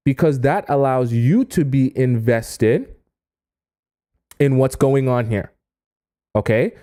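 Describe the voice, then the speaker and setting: A man's voice: medium pitch, warm tone. A man giving dating advice on a live stream in a conversational way, often checking in with "okay?" and "right?". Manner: acts out quoted people in a raised voice. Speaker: dating coach.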